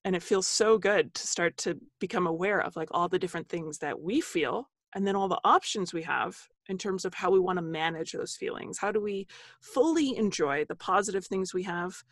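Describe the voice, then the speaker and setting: Woman author on a podcast, kinda low voice, earnest and explainy, laughs a lot, dry close sound. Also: normal speed, no echo. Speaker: author and guest. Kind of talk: podcast interview.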